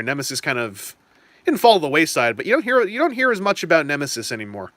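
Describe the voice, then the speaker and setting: A chatty young man hosts a live stream, answering questions in a loose, rambling way. His voice is bright and sits a little high. The sound is close and dry. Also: sing-song, quick pace, no echo. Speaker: stream host. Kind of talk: casual live-stream chat about toys and trading cards.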